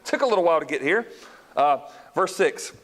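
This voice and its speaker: Animated male Bible teacher, high voice. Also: brisk. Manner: animated, quizzes the audience. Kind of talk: live Bible lesson. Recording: long hall reverb.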